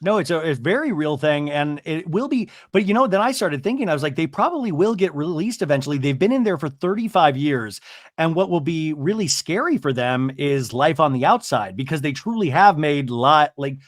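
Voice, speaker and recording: A male podcast host from Montana with a deep radio announcer voice, chatting casually and rambling through quick asides. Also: expressive, no echo, clean studio sound. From Montana, USA.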